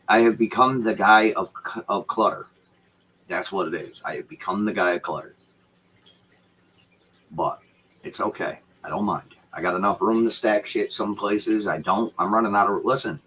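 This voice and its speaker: Low-voiced, rambling man chatting on stream. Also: normal speed, fairly bright tone, a little hiss or hum, poor audio. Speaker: livestreamer talking to chat. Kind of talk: casual livestream chat. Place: home room with shelves behind him. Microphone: computer setup with dual screens.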